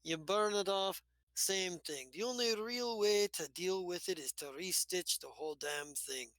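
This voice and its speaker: A man voicing an old, cryptic man who speaks slowly and knowingly in riddles. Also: sits high, a bit bright, no echo.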